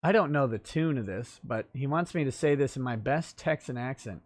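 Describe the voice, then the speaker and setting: Man, livestream host, legal commentary, explanatory, mid-pitched, dry close sound. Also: animated, normal speed, no room sound. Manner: explanatory, thinking aloud with fillers. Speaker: livestream talk show host and lawyer.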